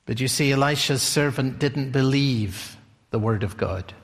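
A male preacher giving a sermon in a deliberate storytelling manner, often asking listeners questions. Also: mid-range voice. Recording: long hall reverb.

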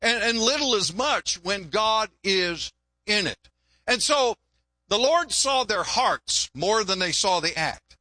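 An older male pastor preaching in a folksy, joking way and often repeating words. His voice sits high and bright, and the sound is dry and close. He mixes humor with teaching. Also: animated, slow, no echo. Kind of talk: sermon.

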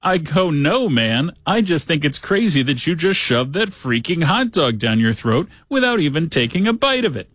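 A man's voice: a little high, moderate pace, hardly any pauses, husky, dry recording. Man, talk show host, sarcastic news reading, dry studio sound. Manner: sarcastic, animated when quoting others. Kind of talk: casual commentary reading news.

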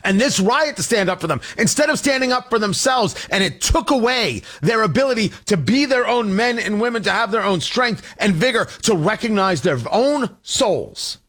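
A man's voice: sits high, expressive, normal speed, hardly any pauses, a bit bright. A man hosting a political talk show, delivering a combative, sarcastic monologue.

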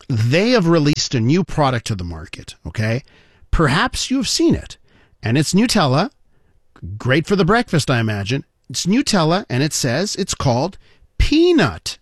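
A man hosting a radio talk show, telling a story in a playful, animated way and talking straight to his listeners. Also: on the high side, normal speed, no room sound, studio quality. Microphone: studio mic.

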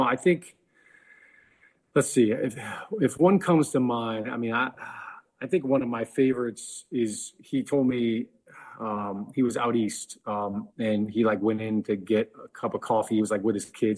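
A man's voice: lowish voice, fairly even intonation, moderate pace, darkish tone, breathy edge. A man telling a casual anecdote as a guest, rambling and filling every phrase with "like". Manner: rambling, heavy use of "like". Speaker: team broadcaster and show co-host.

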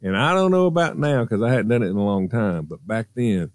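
Brief: lively radio storyteller man, mid pitch, swings a lot, dry close mic. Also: brisk, no room sound. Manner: animated, acts out voices. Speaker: radio show regular. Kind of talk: casual storytelling.

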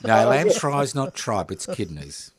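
A man's voice: mid-range voice, very animated, unhurried, crowd noise. An older man hosting talkback radio, jokey and teasing with exaggerated asides. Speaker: radio host. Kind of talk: casual talkback chat.

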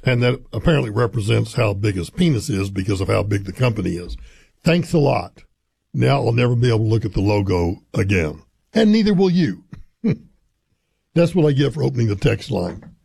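A man hosting a radio talk show in a casual monologue, chuckling and dropping low for asides. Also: creaky, dark tone, slightly rough, dry recording, studio quality. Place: radio studio. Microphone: studio broadcast mic.

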